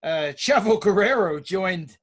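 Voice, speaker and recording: Male co-host, high voice, wry casual recap, laughs a lot. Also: lively intonation, a little slow, fairly bright tone. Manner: recaps events wryly, swears casually, laughs through lines. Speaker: podcast co-host. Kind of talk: casual wrestling podcast recap.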